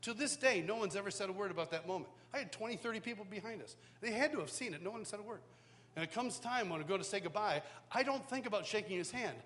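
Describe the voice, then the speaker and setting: A man teaching a worship school, telling a personal story in an animated way, acting out quotes and laughing often, in front of a live audience. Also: sits high, fast. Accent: Canadian. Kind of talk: storytelling sermon. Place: large hall, live audience.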